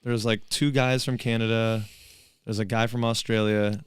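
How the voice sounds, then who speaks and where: A man's voice: fairly low pitch, flat delivery, moderate pace, smooth, no room sound, clean studio sound. A man co-hosting a basketball podcast, chatting casually and joking while watching a live game. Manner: jokey, chatty, reacts to plays. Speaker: podcast co-host.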